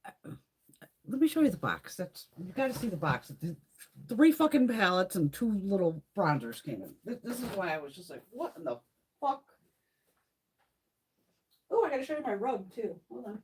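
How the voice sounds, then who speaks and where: A middle-aged woman hosting a beauty live stream, chatting loosely and cursing freely between bursts of laughter. Her voice is husky and a little breathy, and her pitch swings widely as she tells her stories. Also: fairly quick. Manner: profane, laughing, animated storytelling. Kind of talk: casual live-stream chat.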